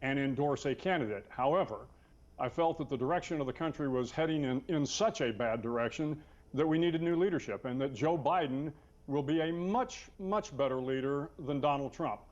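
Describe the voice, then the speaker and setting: An older man, a retired military officer, answering in a TV news interview in a measured, hesitant way with many fillers. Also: on the high side, a little mellow, highs cut off.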